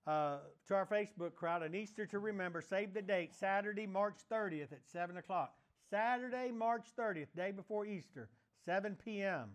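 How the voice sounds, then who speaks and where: A pastor with a drawl delivers his sermon in a noticeably high voice for a man. He talks emphatically and urges his listeners on, reading a line and having them say it back after him. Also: normal speed, few pauses. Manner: emphatic, exhorting, leads the congregation in repeated declarations. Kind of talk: sermon with call-and-response declarations. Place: church sanctuary, also streamed online.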